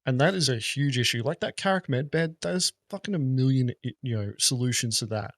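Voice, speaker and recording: A man's voice: mid-range voice, brisk, no echo, studio quality. A man, a gaming content creator, rambling and swearing in a casual podcast chat. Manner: rambling, profane, animated.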